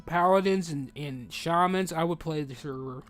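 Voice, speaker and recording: A man chatting casually while he plays a game, rambling and animated, saying dude a lot, and talking with his mouth full while he eats. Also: on the high side, moderate pace, soft background music. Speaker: gaming streamer. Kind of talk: casual gameplay chat.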